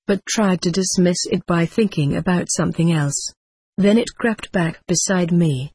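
A narrator reading a first-person story aloud in an even, slightly stiff manner. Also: medium pitch, slightly rough, no echo.

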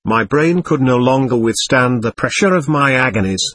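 Husky male audiobook narrator. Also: medium pitch, lively intonation, moderate pace, a bit bright.

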